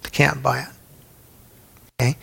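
A man's voice: medium pitch, level tone, a little slow, creaky, fairly bright tone, slightly rough. A middle-aged man from Texas teaching a Bible study in a chatty way, asking his listeners questions and telling anecdotes. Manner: chatty, asks the audience questions, tells anecdotes.

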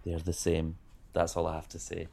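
A man co-hosting a podcast, chatting in a gossipy way with lively swings of emphasis. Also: deep voice, moderate pace, gravelly, slight background noise. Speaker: podcast co-host. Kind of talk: casual chat.

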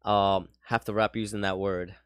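A man hosting casually, explaining a rap challenge with a relaxed, stumbling delivery. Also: fairly low pitch, normal speed, smooth, no echo, clean studio sound. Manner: relaxed, stumbles over words. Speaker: host.

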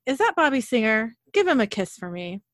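A woman reading out the lines of a smug, scheming male demon boss in a plain, quiet voice, with no put-on voice. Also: fairly high pitch, brisk, dry recording, studio quality. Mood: smug menace. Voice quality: flat read-aloud delivery, no put-on voice. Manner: reads quoted lines quietly. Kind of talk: reading script lines aloud.

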